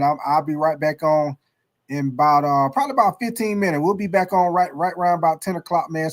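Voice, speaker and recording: Male sports-stream host with a fairly high voice. Loose, excitable casual chat that keeps calling out to the audience. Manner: loose and excitable, calling out chatters, tags lines with "man" and "baby".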